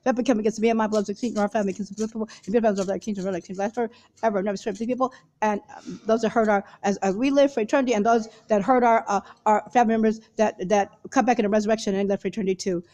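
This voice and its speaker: A woman speaking to viewers in a hurried, rambling monologue full of repeated fillers and restarts. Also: mid-range voice, steady tone, dark tone. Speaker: video blogger.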